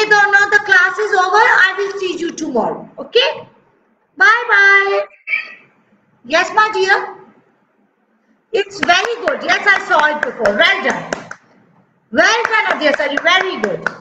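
A woman's voice: extremely high pitch, noisy background. A woman teaching preschoolers in an online class, praising them in a sing-song, exaggerated way over a video call. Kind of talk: online class for small children. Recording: dull, echoey video-call audio.

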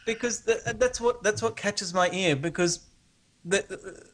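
Aussie guy calling in, kinda high voice, lots of stops and restarts. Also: unhurried, noisy background. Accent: Australian. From Australia. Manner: hesitant, restarts often, curious. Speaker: guest calling in. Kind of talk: casual chat.

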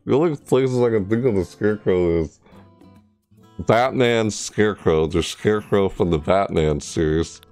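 A man streaming a game, chatting casually and rambling with jokes, sometimes breaking into loud high squeals. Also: normal speed, soft background music. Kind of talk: casual gameplay commentary.

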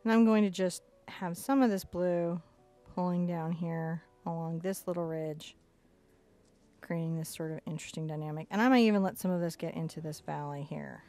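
A woman's voice: on the low side, fairly even intonation, normal speed, dark tone, faint music behind. A woman teaching a casual step-by-step acrylic painting lesson in a chatty, playful way, narrating her brushwork as she goes. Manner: chatty, playful, talks to herself while painting.

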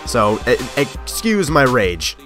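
A young man giving live commentary on his own gameplay, excitable and quick to shout or grumble at the game. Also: medium pitch, music in the background. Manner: excitable, yelling at the game, frustrated outbursts. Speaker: gaming YouTuber.

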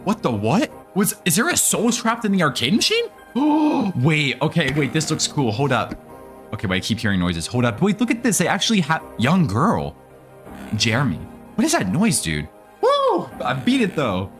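A man's voice: on the high side, huge pitch swings, a little fast, a bit bright, soft background music. A young man giving casual let's-play commentary on a horror game, nervous and jittery, talking to the monsters and his viewers. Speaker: gaming video creator.

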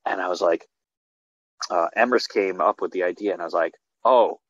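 A male filmmaker talking casually in an interview over a video call, rambling excitedly with many restarts and fillers. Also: sits low, fairly quick, no room sound. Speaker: filmmaker guest. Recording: dull lo-fi video call audio.

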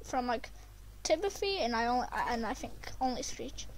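A woman commentating her gameplay, excitable and prone to screaming when chased. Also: fairly high pitch, normal speed, a little hiss or hum. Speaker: gamer.

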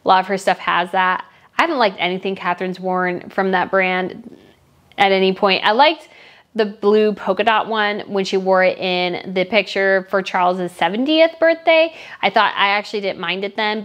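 A woman's voice: mid-range voice, steady tone, moderate pace, a bit bright. A woman talking casually as a royal fashion commentator, chatty and opinionated, gushing over some looks and blunt about others. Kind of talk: casual chat.

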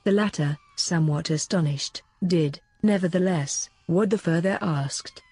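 A woman narrating an audiobook in a steady, formal reading style. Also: lowish voice, unhurried, husky, no room sound. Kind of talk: scripted narration.

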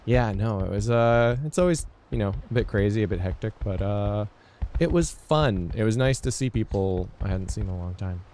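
A man's voice: fairly low pitch, normal speed, dark tone, slight background noise. A man playing a game on stream, tired and chatting in a laid-back, rambling way. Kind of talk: casual chat.

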